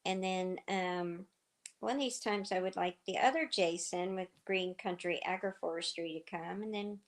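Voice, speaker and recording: A middle-aged woman hosting a livestream, chatting casually and telling rambling stories with lots of fillers, her voice slightly hoarse. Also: fairly low pitch, moderate pace. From southern United States. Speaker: livestream host. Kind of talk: casual chat with viewers.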